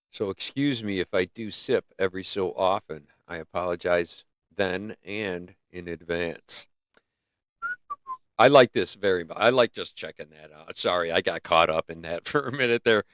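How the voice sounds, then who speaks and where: A man's voice: low-pitched, a little slow, a bit bright, no room sound, clean studio sound. Rambling man hosting a livestream. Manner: rambling, musing, with many restarts. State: throat giving out. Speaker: livestream host. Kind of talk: casual livestream chat. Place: in northern North America. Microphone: close mic.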